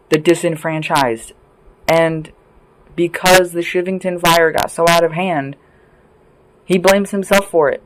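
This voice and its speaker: A man's voice: on the high side, slight background noise, rough recording. A man ranting to camera in an indoor room, heated, profane and emphatic, repeating his points. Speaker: vlogger.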